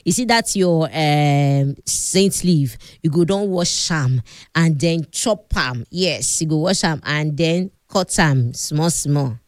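A woman's voice: deep voice, slow, no room sound, studio quality. A woman with a Nigerian accent hosting a radio cooking talk, chatty and instructive, laughing often as she talks. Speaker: radio host.

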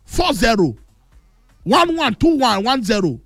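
A man with a Nigerian Pidgin accent hosting a call-in football talk show on the radio, boastful and teasing, now and then bursting into shouts. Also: extremely high pitch, big pitch swings, unhurried, no echo, studio quality, faint music behind. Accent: Nigerian Pidgin English. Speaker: radio sports show host.

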